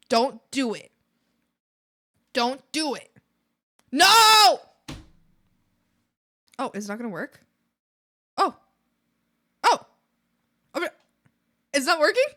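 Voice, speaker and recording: A woman's voice: high voice, sharp tone. A young woman streaming live, chatting casually and giggling often as she talks to her viewers and to the animals on screen.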